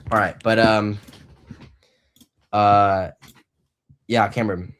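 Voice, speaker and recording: A teenage boy hosting a casual live-streamed debate, halting and full of fillers. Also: fairly low pitch, little pitch movement, fairly bright tone, clean tone. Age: teens. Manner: halting, many fillers and restarts. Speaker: debate host.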